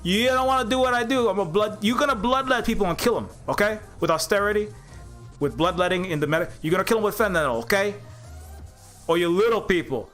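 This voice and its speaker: A man's voice: high voice, lively intonation, fast talker, a bit bright, soft background music. A man voicing a menacing male mob boss in a put-on New York accent, threatening and pushy. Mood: bullying. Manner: threatening, repeats "okay?" and "forget about it".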